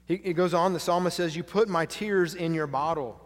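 A man preaching a sermon as pastor, dropping to hushed lines and rising to loud, emphatic ones. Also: a little high, steady tone, a little fast, hardly any pauses. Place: church sanctuary. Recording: long hall reverb.

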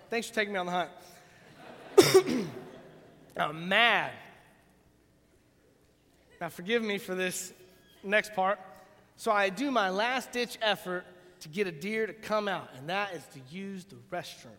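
A man preaching a sermon, telling a funny story in an animated, joking way. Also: high-pitched. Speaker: pastor. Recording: long reverb in a big hall.

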